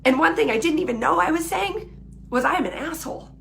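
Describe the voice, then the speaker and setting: Emphatic woman, gravelly and high. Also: expressive, fast talker, a bit bright, slight background noise. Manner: earnest, emphatic, repeats phrases for emphasis. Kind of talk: casual live video talk to followers.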